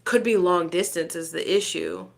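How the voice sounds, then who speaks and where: Chatty woman tarot reader, lowish voice. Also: moderate pace, vocal fry. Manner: chatty, laughs often, teasing asides. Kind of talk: live tarot reading.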